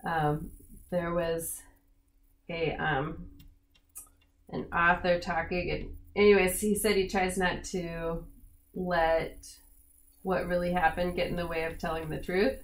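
A woman in her studio giving a live oil painting demonstration, talking in a relaxed, chatty way with many fillers. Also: lowish voice, slow, long pauses. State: slightly cracky voice. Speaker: painting instructor.

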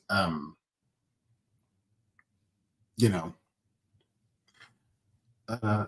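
A man co-hosts a casual chat, reading viewer comments aloud and cracking jokes. He talks at an ordinary middle pitch, in an animated, easygoing way. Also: unhurried, long pauses, poor audio.

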